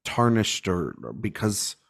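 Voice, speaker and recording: A man co-hosting a casual film podcast, talking in an animated, halting way with frequent restarts. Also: fairly low pitch, creaky. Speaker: podcast co-host.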